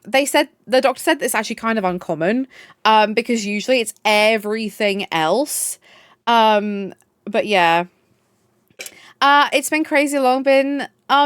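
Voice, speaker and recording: A woman's voice: high voice, fairly bright tone, clear, resonant tone, no room sound, clean studio sound. A young woman live streamer chatting casually with her viewers, bubbly and gushing, swearing freely. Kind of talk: casual chat.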